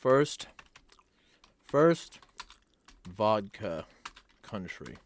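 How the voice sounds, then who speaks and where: A man's voice: fairly low pitch, very animated, extremely slow, slight background noise. A young man hosting a livestream, reading chat comments and answering them in a rambling, wry way.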